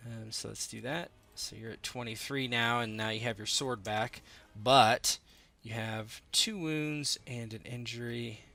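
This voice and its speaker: A man's voice: medium pitch, steady tone, unhurried, hardly any pauses, bright, forceful tone, no room sound. A man running a tabletop game as game master, explaining rules and thinking aloud with many fillers.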